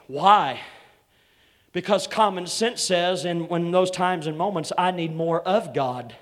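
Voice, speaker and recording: On a Sunday morning, a male pastor with a somewhat high voice preaches a sermon, calling out congregation members by name. His preaching builds to loud, drawn-out shouting, and he repeats "come on here" to summon the congregation.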